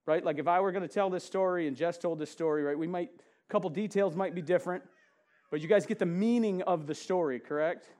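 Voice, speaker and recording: A man preaching a sermon to a congregation, chatting and asking them questions, then reading scripture slowly with emphasis. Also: sits high, darkish tone. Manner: conversational, asks the congregation questions, laughs often. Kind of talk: sermon with audience interaction. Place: church sanctuary with a congregation.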